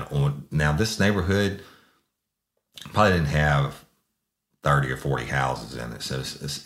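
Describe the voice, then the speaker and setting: Man, podcast host, very deep voice, casual and profane, echoey room. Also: a bit bright. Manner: profane, drawling, rambling with restarts. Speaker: podcast host telling a true crime story. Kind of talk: casual storytelling.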